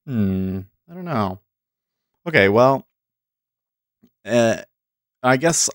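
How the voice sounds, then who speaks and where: A man's voice: fairly low pitch, clear, resonant tone, no room sound, clean studio sound. A man hosting a day-trading livestream, talking casually to viewers at his desk microphone and thinking aloud between remarks. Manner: chatty, talks directly to viewers. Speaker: livestream host and day trader. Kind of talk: casual live commentary.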